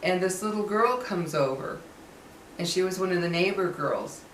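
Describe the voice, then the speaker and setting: A woman's voice: lowish voice, moderate pace, reverberant, recorded from a distance, a little hiss or hum, poor audio. A woman in a casual vlog who tells a personal story earnestly and keeps stressing that it really happened. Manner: earnest, emphatic, insists the story is true. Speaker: vlogger.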